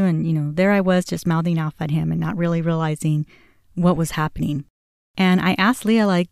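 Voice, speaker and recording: A woman in her forties tells a personal family story on her own podcast, speaking in a low, mellow voice. She talks candidly and conversationally, full of "you know" asides, and acts out the dialogue she recalls. The recording is close and dry. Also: steady tone, fairly quick, smooth, no echo. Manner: many "you know" fillers. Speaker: podcast host.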